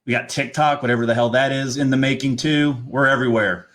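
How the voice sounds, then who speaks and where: A man's voice: mid-range voice, fairly even intonation, quick pace, a bit bright. A man co-hosting a casual sports talk show, opinionated and rambling. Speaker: podcast co-host.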